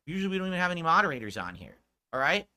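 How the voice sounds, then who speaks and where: Blunt, laid-back male streamer, bright tone. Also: big pitch swings, rapid-fire. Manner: laid back, talking lower than usual; blunt and profane when scolding chat. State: sore throat. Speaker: live streamer. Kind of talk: casual stream talk to chat.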